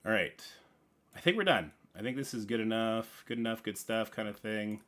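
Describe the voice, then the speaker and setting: A man hosting a casual gaming livestream, rambling playfully with sudden loud bursts and mumbled asides. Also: fairly low pitch, moderate pace.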